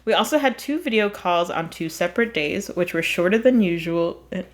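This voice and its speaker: A woman's voice: lowish voice, lively intonation, moderate pace. A woman hosting an advice podcast who reads a story aloud in a casual, chatty way and often breaks into laughter. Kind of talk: casual chat.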